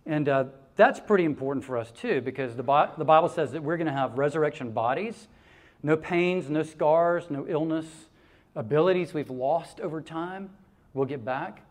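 A man preaching a sermon, telling stories in an animated way with laughter and acted-out quotes. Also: fairly high pitch, moderate pace. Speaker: pastor.

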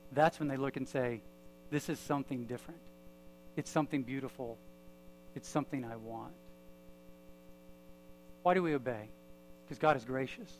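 A man's voice: medium pitch, a little hiss or hum, poor audio. A man preaching a sermon as pastor, telling a story and leading a prayer in a church. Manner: storytelling with pauses, then prayer.

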